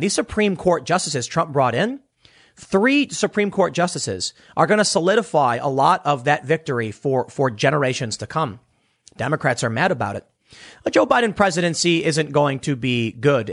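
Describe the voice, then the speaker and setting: A man's voice: fairly high pitch, a bit bright. A man giving opinionated political commentary, emphatic and sarcastic, often restarting his words.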